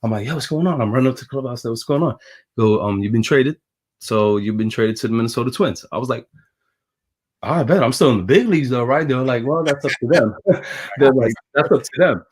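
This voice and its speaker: A man's voice: mid-range voice, brisk. A man, a former ballplayer telling stories in a casual interview and acting out the voices he quotes. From Brooklyn, New York. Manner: animated storyteller who acts out quoted voices. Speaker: guest, former baseball pitcher.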